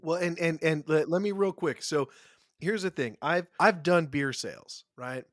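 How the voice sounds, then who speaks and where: A man's voice: on the high side, normal speed, fairly bright tone, no echo, clean studio sound. A man hosting a podcast in casual chat, easygoing and conversational. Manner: conversational, laughs along. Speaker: podcast host.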